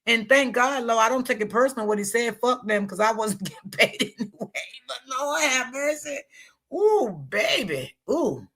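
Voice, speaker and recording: A woman's voice: on the high side, animated, normal speed, hardly any pauses, fairly bright tone, slightly rough. A woman commentating on a live stream, blunt and profane, speaking straight to her viewers. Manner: blunt, profane, emphatic, talks straight to the audience. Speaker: online commentator.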